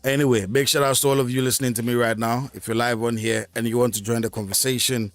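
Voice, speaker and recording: A man's voice: medium pitch, fairly even intonation, quick pace, no room sound. A man hosting a live music stream, talking casually on his own and rambling with many fillers and restarts.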